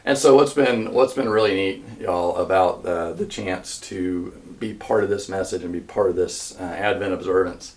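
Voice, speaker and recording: A man's voice: low voice, normal speed, few pauses, darkish tone. A man giving a sermon, earnest and conversational, often restarting his sentences. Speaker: church minister. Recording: voice a bit distant from mic.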